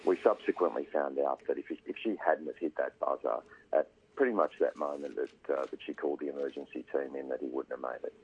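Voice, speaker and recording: A man calling in to a radio show, his voice extremely deep and very husky. He tells his story hesitantly, with fillers. The line is dull and muffled. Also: fast talker. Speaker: caller. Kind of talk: telling a story on a radio call-in.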